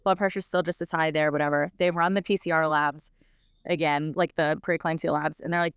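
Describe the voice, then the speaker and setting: A young woman's slightly low voice, strikingly smooth and clean, tells casual stories on a podcast where she's a guest. She speaks quickly and with animation, full of fillers, and the sound is close and dry.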